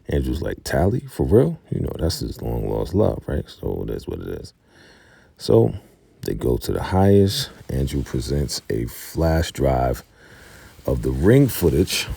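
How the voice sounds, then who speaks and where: Very deep, gravelly-voiced male TV recapper. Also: dark tone, dry recording. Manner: laid-back, chuckles often, talks to viewers as y'all. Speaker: TV recap reviewer. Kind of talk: casual recap commentary.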